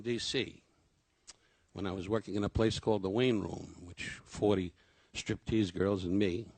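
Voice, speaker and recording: A man's voice: lowish voice, no room sound. An older man, a comedian, giving a rambling, self-deprecating memorial tribute full of anecdotes.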